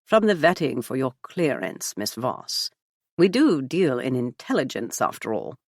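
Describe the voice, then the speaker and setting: A stiff, wry elderly spymaster speaks in clipped, formal sentences with dry understatement, as a woman narrator puts him on. The voice sits low. The audiobook recording is dry and close, with no room sound. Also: very animated, a little slow, dry recording, heavily acted. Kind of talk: audiobook character voice.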